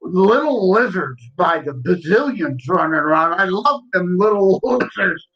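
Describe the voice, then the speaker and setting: A man's voice: sits high, sing-song, a little slow, lo-fi sound. A man co-hosting a podcast, chatting easygoingly in plain folksy talk. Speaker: podcast co-host. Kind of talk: casual chat.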